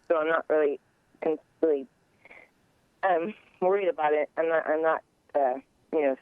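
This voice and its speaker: A woman calling in to a radio show, speaking in a scattered, halting way with many restarts. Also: low-pitched, no echo. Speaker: caller. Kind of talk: call-in radio conversation. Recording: tinny dry phone line.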